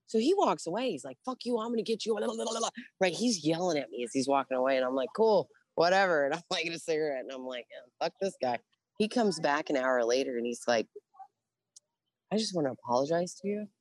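Low-voiced profane woman telling war stories. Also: fast, dry recording. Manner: profane, blunt, animated with quoted voices. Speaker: interview guest, Navy veteran. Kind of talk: casual storytelling.

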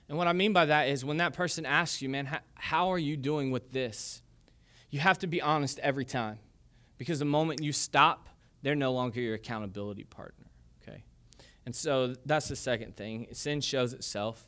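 A male pastor preaches a sermon, telling a story with casual jokes and asides. His voice sits a little high for a man, and his tone is conversational rather than formal. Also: a bit bright.

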